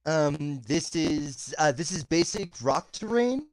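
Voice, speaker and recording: A man running a tabletop game as game master, describing the scene in halting bursts with many restarts. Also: on the high side, expressive.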